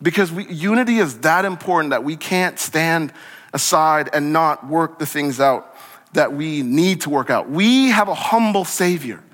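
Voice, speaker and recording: Male pastor, high bright voice, lively conversational sermon delivery, long church-hall reverb. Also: unhurried. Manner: animated, conversational preaching with acted-out dialogue. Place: church sanctuary.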